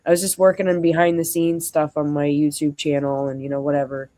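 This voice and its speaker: A streamer vents through a rambling, casual story, playing both sides of a conversation amid frequent fillers. The voice is mid-range and dark, with a level tone and a slightly fast pace.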